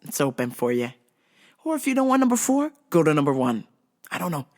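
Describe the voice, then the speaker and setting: A woman's voice: low-pitched, big pitch swings, fairly quick, a little mellow. Woman host, casual storyteller, profane, laughs often. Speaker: vlog host.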